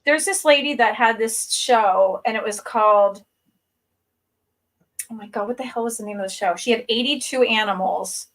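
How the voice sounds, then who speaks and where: A woman chatting casually as a co-host, laughing often and telling stories in an animated way. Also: fairly high pitch, moderate pace, poor audio. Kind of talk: casual chat.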